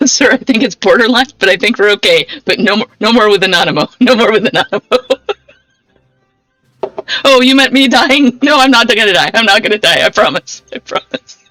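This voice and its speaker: A woman's voice: fairly high pitch, lively intonation, fairly quick, bright, forceful tone, dry recording. Giggly young woman streamer. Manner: giggly, laughs often, chatty. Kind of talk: casual live-stream chat while gaming. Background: game music.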